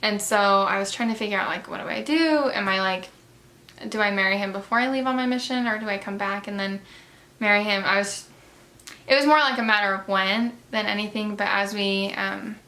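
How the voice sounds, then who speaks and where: Bright-voiced chatty young woman. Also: mid-range voice, brisk. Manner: chatty, many fillers, animated retellings. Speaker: beauty vlogger. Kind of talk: casual storytelling while doing makeup.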